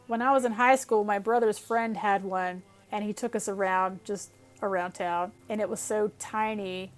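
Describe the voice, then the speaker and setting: Woman host, slightly high voice, casual and self-deprecating in a Q&A. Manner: chatty, self-deprecating, reads questions aloud then answers. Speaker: YouTube channel host answering viewer questions. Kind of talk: casual Q&A chat.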